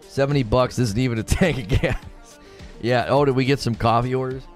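A man's voice: moderate pace, faint music behind. A man hosting a casual livestream, reading viewer comments from home and ranting with lots of laughter. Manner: animated, laughing, rants with rising pitch. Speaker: livestream host. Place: home room.

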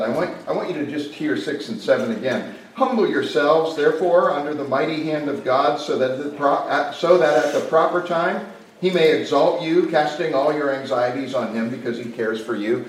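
A man preaching a sermon as a pastor, emphatic, with dramatic swings in loudness and pace. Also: medium pitch. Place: retreat camp meeting space. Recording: roomy echo, distant mic, faint background noise.

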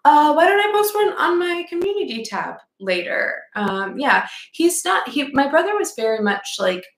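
A woman's voice: high-pitched, big pitch swings, normal speed. Chatty woman in an echoey room. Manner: chatty and rambling, reads out viewer comments. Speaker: podcast host. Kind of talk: casual livestream chat with viewers. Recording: echoey room with faint background noise.

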